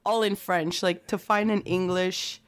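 A woman's voice: fairly low pitch, fairly even intonation, a little slow. Giggly young woman, lots of "like". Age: young adult. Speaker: podcast co-host. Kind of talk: casual chat.

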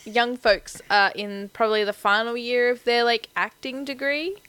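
A woman's voice: a little high, fairly even intonation, a bit bright, clear, resonant tone, no echo, rough recording. Chatty woman, dry close sound. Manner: chatty, quick with agreeing fillers. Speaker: podcast co-host reviewing a film. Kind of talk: casual chat.

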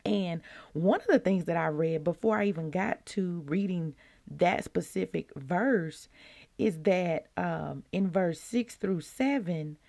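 Slow, gravelly-voiced woman podcast host. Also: lowish voice. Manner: emotional, earnest, rising to excited outbursts. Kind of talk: devotional podcast talk.

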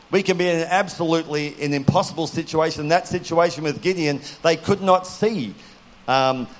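A middle-aged man delivers a sermon in an earnest, direct way, weaving personal stories into it. His voice sits slightly high for a man. He talks straight to the audience and asks them questions. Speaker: preacher.

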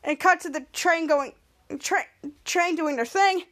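A woman hosting a podcast, recapping a TV episode in a halting way, often restarting and repeating herself. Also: very high-pitched, fairly bright tone. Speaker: podcast host.

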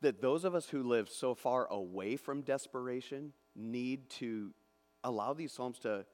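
A male pastor preaching a sermon, swinging from hushed, slow passages to loud, excited ones. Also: on the low side. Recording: long hall reverb.

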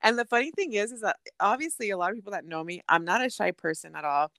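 Young woman podcast host, super animated, laughs and squeals a lot, drops spanish words, dry close sound. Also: fast talker, no room sound. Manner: animated storyteller, bursts into laughter and high squeals; swears freely, mixes in Spanish phrases. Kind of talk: casual chat.

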